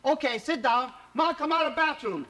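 Chinatown dad, bossy, piercing tone, old movie clip. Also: male voice, extremely high pitch, brisk, bright, forceful tone. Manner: broken English, bossy. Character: stubborn immigrant father in Chinatown, head of family. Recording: film soundtrack clip.

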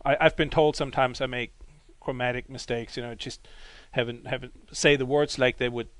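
A man's voice: medium pitch, steady tone, fairly quick, a bit bright, no room sound. Guest: German man, accented English, easygoing, mid-range voice. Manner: hesitant, laid-back, laughs easily. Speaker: podcast guest. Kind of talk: casual chat.

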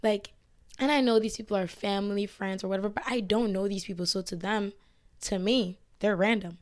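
Hoarse young woman podcast host. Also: medium pitch, fairly even intonation, a little fast, no echo. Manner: rambling, lots of "like" fillers. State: hoarse, lost voice from illness. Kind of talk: casual chat. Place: indoors, filmed for a video podcast.

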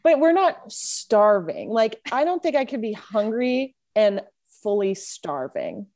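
A woman's voice: mid-range voice, very animated, takes it slowly, darkish tone. A woman chatting on a podcast in a laid-back, self-deprecating way. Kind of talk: casual podcast chat.

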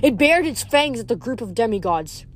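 Woman reading a novel aloud, higher voice. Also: moderate pace, soft background music. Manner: plain steady reading with small stumbles and self-corrections. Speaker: audiobook reader.

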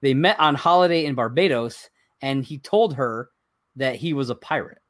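A male podcast co-host chats casually while reading items from a list, rambling and chuckling as he goes. His medium-pitched voice moves at normal speed with a fairly bright tone. The studio sound is clean, with no room sound.

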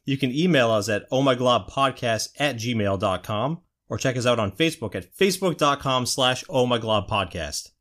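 A man's voice: medium pitch, normal speed, hardly any pauses, a bit bright. Easygoing man podcast co-host. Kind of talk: casual chat.

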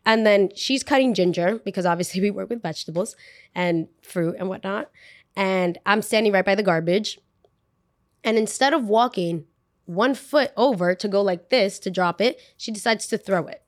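A woman podcast host telling a story in a casual monologue. She talks in an animated, chatty way and uses a lot of "like" asides. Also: medium pitch, normal speed, no room sound, studio quality.

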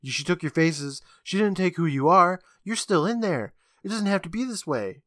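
A man's voice: sits high, lively intonation, moderate pace, fairly bright tone, dry recording, voice pushed up. Earnest brave teen girl, put on by a man, pleading, dry recording.

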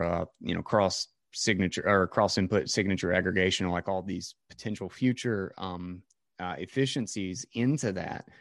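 A man's voice: deep voice, no echo, studio quality. A man hosting a casual podcast chat, rambling with many fillers and restarts.

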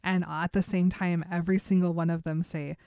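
A woman's voice: lowish voice, little pitch movement, a little fast, dark tone, clear, resonant tone, no echo, clean studio sound. A woman co-hosting a casual chat, retelling a book's scenes and reading quotes aloud with frequent giggles. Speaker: podcast co-host recapping a book.

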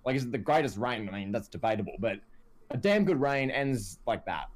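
A man's voice: medium pitch, brisk. A man co-hosting a casual wrestling chat, ranting animatedly. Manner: animated ranting, quotes others in put-on voices. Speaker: podcast co-host.

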